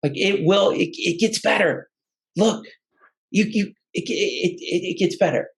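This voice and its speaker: A guest storyteller shares a personal story in a casual, rambling style, halting often and restarting his sentences. His voice sits high with vocal fry, and the audio quality is poor.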